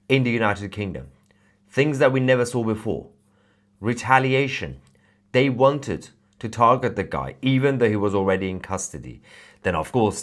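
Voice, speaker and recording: A man's voice: lowish voice, a bit bright. A man hosting a live-stream news show, commenting indignantly with many fillers and rhetorical questions. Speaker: online news host.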